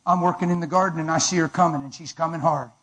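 Husky high-voiced male preacher. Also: fairly even intonation, fast talker, fairly bright tone, poor audio. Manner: emphatic dramatic storytelling. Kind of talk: sermon testimony.

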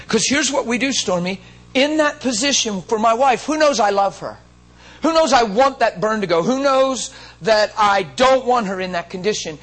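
A man's voice: high-pitched, a bit bright, rough recording. A man preaching a sermon in an emotional, emphatic storytelling manner. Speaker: pastor.

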